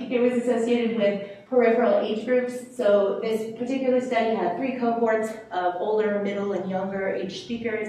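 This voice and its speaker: A woman's voice: medium pitch, a little mellow. A woman sociolinguist giving an explanatory lecture, talking it through with frequent ums. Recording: very echoey room, distant mic, faint noise.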